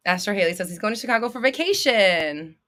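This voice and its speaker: Hosting a livestream, a thirty-something woman answers viewer questions bluntly, swearing, laughing, and bursting out dramatically. She speaks quickly and expressively in a mid-range, slightly bright voice.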